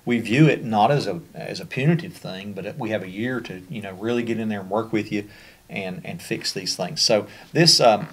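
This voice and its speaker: A man's voice: on the low side, moderate pace, a bit bright, husky. A man with a Kentucky accent presenting a special education training over slides, in a conversational way with frequent fillers and restarts.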